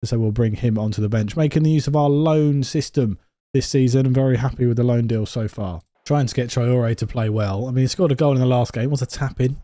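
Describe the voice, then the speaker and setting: A man commentating on his own football management game, excitable and quick to get exasperated. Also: mid-range voice, dry recording, clean studio sound. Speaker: gaming YouTuber.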